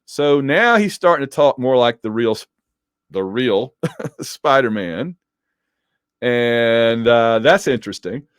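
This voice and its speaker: A man casually reviewing a comic book issue, animated and digressive, with joking asides. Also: mid-range voice, takes it slowly, smooth, no room sound, clean studio sound. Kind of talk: casual commentary.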